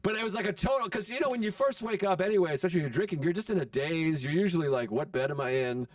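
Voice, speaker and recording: A man's voice: high-pitched, very fast, dry recording, distant mic. A man in his forties, a comedian guest, telling stories in casual chat and acting out quotes, with profanity. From Boston area. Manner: animated storyteller acting out quotes, swearing.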